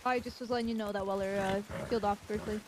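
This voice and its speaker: A woman streaming herself as a deputy in a western roleplay, speaking quickly in a mid-pitched voice. She stammers through her reports. Heavy hoof and game noise sit behind her. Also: fairly even intonation. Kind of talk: in-character roleplay chat. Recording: loud game noise with horse hooves.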